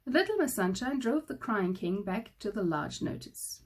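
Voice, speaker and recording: A woman teacher reading a children's story aloud, slowly and carefully. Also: mid-range voice, sing-song, husky. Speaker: school teacher.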